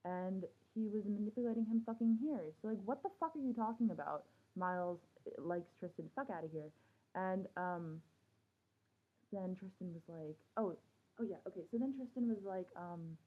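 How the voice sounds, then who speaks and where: A young woman recaps a TV episode in a heated, sarcastic rant, swearing freely and quick to mock what she dislikes. Her voice sits a little low. The recording is narrow and tinny, like a phone line. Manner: animated, swears a lot, sarcastic. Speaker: TV show reviewer. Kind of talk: casual ranting recap.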